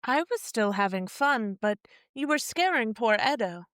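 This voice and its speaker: A woman with a fairly high voice, playing her character in a tabletop game in a calm, matter-of-fact way. Her voice is recorded close and dry. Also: normal speed, no echo. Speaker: player.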